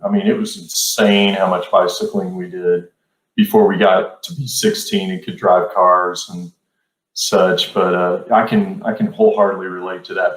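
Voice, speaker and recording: Brief: middle-aged male host, easygoing rambling storyteller, lowish voice, echoey room. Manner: laid-back, rambling with many fillers. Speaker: podcast host. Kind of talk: casual storytelling chat. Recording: roomy echo.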